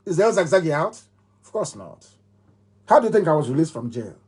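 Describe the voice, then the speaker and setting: Emphatic Nigerian man, husky and high. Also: very animated, fairly quick, darkish tone. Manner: emphatic and repetitive, with mocking laughs. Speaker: movement leader giving a broadcast. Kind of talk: live political broadcast address.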